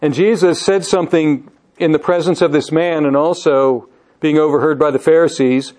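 A man's voice: on the high side, steady tone, normal speed, darkish tone. A man preaching a sermon, reading scripture aloud with emphasis and putting questions to his listeners. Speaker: pastor.

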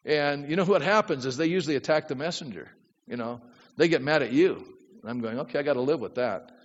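A man's voice: fairly high pitch, fast, in a large hall, lo-fi sound. A man pastor preaching a sermon in a conversational way, often asking the congregation questions.

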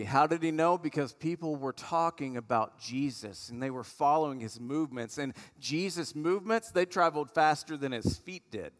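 A pastor preaches in a relaxed, conversational way, and his fairly high voice carries a long reverb through a large hall. He tells the story as if he were talking with the room. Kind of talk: sermon.

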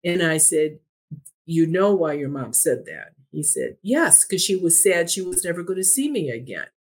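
A woman telling a story in a podcast conversation, retelling a back-and-forth dialogue line by line with a steady "I said, he said.". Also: fairly low pitch, normal speed, breathy edge.

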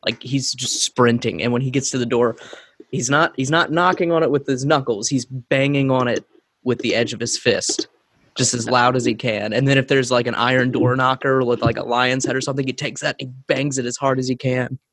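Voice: medium pitch, fairly even intonation, a little fast, fairly bright tone, no room sound. A player in a tabletop game, describing his character's actions in a rambling way full of fillers. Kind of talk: casual tabletop game play.

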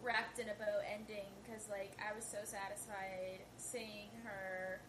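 A woman's voice: mid-range voice, little pitch movement, a little slow. A woman co-hosting a podcast in bubbly, playful casual chat about a film. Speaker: podcast co-host. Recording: roomy echo with clear background noise.

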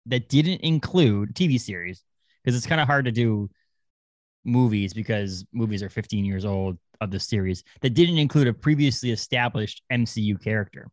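A man chats as a podcast co-host in a dry, close-miked sound. He rambles in an animated way and often restarts his thoughts. His voice sits at a middle pitch. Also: moderate pace, no echo. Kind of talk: casual chat.

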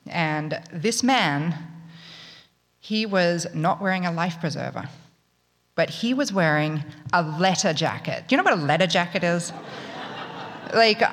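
A woman's voice: fairly low pitch, expressive, measured pace, pauses often, fairly bright tone, in a large hall. A woman telling a true story live, in a wry, conversational, self-mocking way. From Australia.

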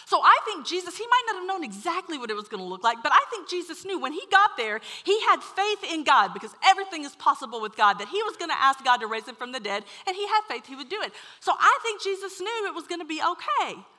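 A woman preaching a sermon to a room, telling a story with animated swings from loud to hushed. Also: very high-pitched, quick pace, hardly any pauses. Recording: long hall reverb.

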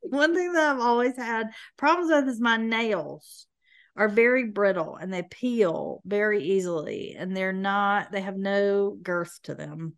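A woman co-hosting a casual podcast. She talks in a chatty, playful way, with dry sarcasm about herself. Her voice sits in an ordinary middle pitch. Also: unhurried. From American South. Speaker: podcast co-host. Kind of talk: casual chat.

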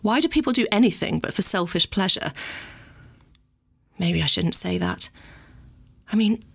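A woman's voice: medium pitch, normal speed, creaky, a bit bright, slightly rough. A woman performing a comic dramatic monologue, rambling, arch and constantly correcting herself.

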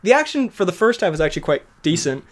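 A young podcast host with a high voice talks fast, his pitch swinging widely as he casually reviews TV shows. He rambles, swears often, and laughs at his own jokes.

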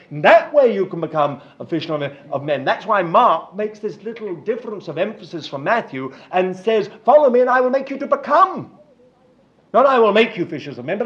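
A man's voice: sits high, fairly bright tone. A man preaching a sermon, emphatic and fond of repeating words for stress. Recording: dull lo-fi recording.

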